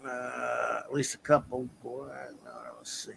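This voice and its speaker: A man's voice: medium pitch, little pitch movement, a little slow, vocal fry, fairly bright tone, slight background noise. A man hosting a casual review podcast, talking loosely with lots of ums and restarts. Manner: loose, filler-heavy, meandering. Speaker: podcast host.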